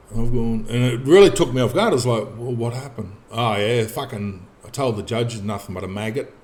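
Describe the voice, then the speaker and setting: A man tells a personal story in a loose, conversational way. He swears freely and stays animated, slipping into the voices of the people in his tale. His voice sits at an ordinary, mid-range pitch. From Australia. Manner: profane, animated, acts out dialogue in his telling. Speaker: podcast guest telling a personal story. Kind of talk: casual spoken storytelling.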